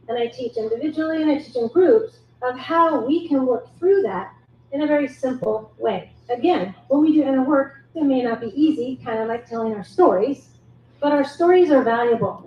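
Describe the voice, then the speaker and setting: A middle-aged woman, a forgiveness coach, speaking earnestly and encouragingly to a live audience at a measured pace. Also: high-pitched. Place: echoey event room at a wine cellar. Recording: echoey room, muffled sound, faint noise.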